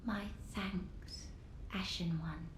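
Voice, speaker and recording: A woman voicing a shy, gentle young girl painter in whispered role-play, with soft archaic speech. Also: lowish voice, fairly even intonation, extremely slow, reverberant, noisy background. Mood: gentle wistful.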